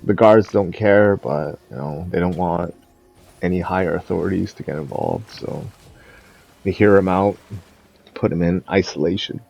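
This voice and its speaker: A man's voice: low-pitched, normal speed, vocal fry, darkish tone, dull audio. A young man ranting in a casual, profane and mocking way, rambling between thoughts. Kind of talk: casual rant.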